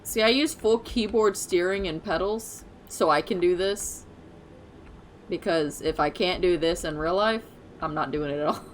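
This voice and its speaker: A woman's voice: fairly low pitch, moderate pace. A woman live-streaming a driving game, chatting casually and talking back to the traffic and her chat. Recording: clear vehicle noise from the game. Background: truck engine and road noise from the game.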